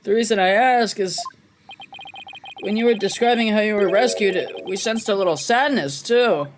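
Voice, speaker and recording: Woman voicing a bright young lady attorney. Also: mid-range voice, moderate pace, background noise, lightly acted. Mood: earnest. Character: upbeat young female defense attorney.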